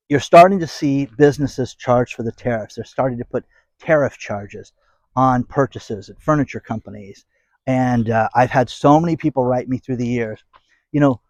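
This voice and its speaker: A man's voice: mid-range voice, a little mellow, dry recording, muffled recording. A man hosting a casual commentary channel, rambling and sarcastic as he talks straight to his viewers. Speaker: host of an economy commentary channel.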